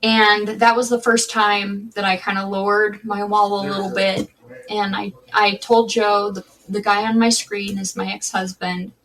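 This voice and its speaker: Appearing as a podcast guest, a woman tells her own story in a frank, conversational manner, frequently restarting sentences partway through. Her voice is middle-pitched and fairly bright, with a flat, unhurried delivery, and she sounds slightly distant from the mic.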